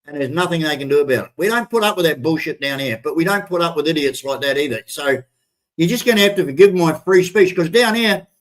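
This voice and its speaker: A man's voice: fairly high pitch, lively intonation, quick pace, poor audio. An older Australian man with an Australian accent, hosting a live stream and ranting bluntly with profanity, often stumbling and restarting his words. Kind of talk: ranting commentary.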